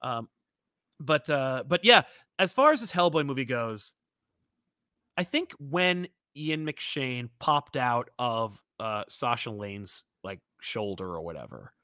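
A man co-hosting a casual movie chat, rambling and animated, full of fillers and restarts, slipping into mock voices to quote people. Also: mid-range voice, takes it slowly, dry recording, studio quality. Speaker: podcast co-host.

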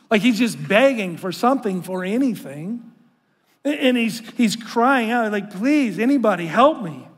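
A male pastor with a notably high voice preaches in an earnest, conversational way, often stumbling and restarting as he goes. He draws the congregation in and calls them to read aloud with him. His words ring out with a long reverb through a large church hall. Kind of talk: sermon. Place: church sanctuary.

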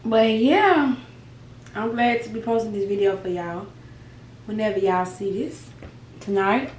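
A woman's voice: medium pitch, a bit bright, distant mic, a little hiss or hum. Chatty woman vlogger, roomy and off-mic. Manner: chatty, laughing, folksy asides to viewers. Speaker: mukbang vlogger. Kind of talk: casual chat to camera while eating.

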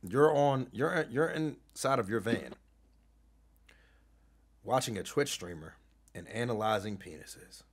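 A husky, condescending middle-aged relationship consultant, as a man puts him on, mocking his caller with a voice that swoops from loud scorn to a hushed murmur. It is a comedic impression on a live stream. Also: mid-range voice, expressive, slow pace, long pauses. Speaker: stream host.

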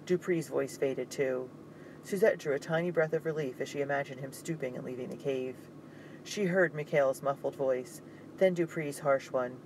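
A man narrating an audiobook in a steady, suspenseful reading. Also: mid-range voice, normal speed, vocal fry, a little hiss or hum, rough recording.

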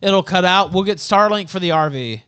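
Brash, animated male streamer. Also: high voice, moderate pace, clear, resonant tone. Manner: brash, boastful and crude. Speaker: livestream host. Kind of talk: casual livestream chat.

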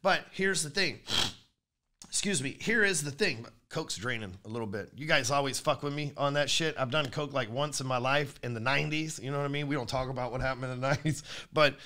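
A man hosting a sales podcast, talking in a brash, profane, rapid monologue. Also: mid-range voice, sharp tone.

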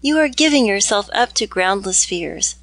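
A woman's voice: mid-range voice, animated, normal speed, a bit bright, dry recording. A woman reading aloud as a devoted young woman in a storybook, heartfelt and pleading. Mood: reassuring. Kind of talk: audiobook reading.

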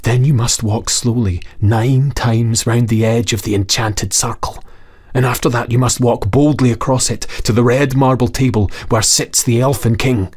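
A man voicing a small, sorrowful grizzled old goblin who pleads in a hushed voice and often whispers. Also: mid-range voice, steady tone, moderate pace, breathy edge, pitched above the performer's own voice, close to an everyday voice. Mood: whispering.

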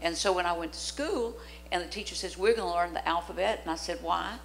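An older woman from Louisiana, preaching a storytelling sermon in a church, dramatic and animated as she acts out the voices in her stories. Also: lowish voice, fairly quick, vocal fry, slight background noise, poor audio. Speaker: guest preacher. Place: church sanctuary.

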